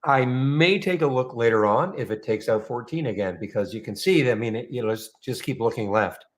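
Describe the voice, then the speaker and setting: A man's voice: medium pitch, lively intonation, fairly quick. A man hosting a live trading room, chatting in a rambling, self-correcting way.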